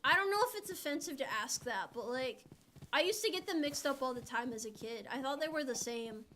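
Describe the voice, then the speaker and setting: A woman's voice: high voice, lively intonation, fairly quick, fairly bright tone, a little hiss or hum. A woman from the United States streaming a game, chatting casually and playfully, often giggling and reading out chat messages. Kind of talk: casual live-stream chat while gaming.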